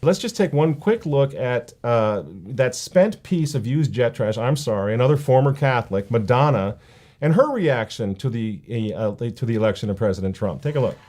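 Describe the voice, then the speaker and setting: A man's voice: medium pitch, expressive, moderate pace, a little mellow. A man hosting a political commentary show, speaking in an emphatic, sarcastic and indignant way. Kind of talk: opinion commentary.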